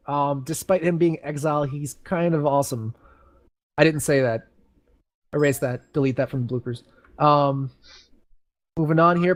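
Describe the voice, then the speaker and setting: A man's voice: fairly high pitch, dry recording. A young man reading game lore aloud on voice chat, breaking off for chatty, self-mocking asides. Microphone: headset on voice chat.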